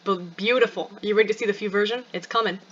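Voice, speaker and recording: A young woman reading a visual novel game aloud, chatty and excitable with many asides. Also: medium pitch, fast, lo-fi sound, a little hiss or hum. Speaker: game streamer.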